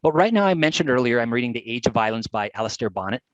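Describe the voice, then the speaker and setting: A man giving a lively live webcast presentation on geography, chatty and animated. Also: mid-range voice, fast talker, dry recording, dull audio. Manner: animated, chatty, with playful put-on voices. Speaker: GIS educator presenting a webcast.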